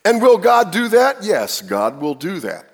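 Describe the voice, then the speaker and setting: A man preaching a sermon as pastor, talking in an animated way with many rhetorical questions. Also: high-pitched, unhurried, faint music behind. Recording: reverberant hall.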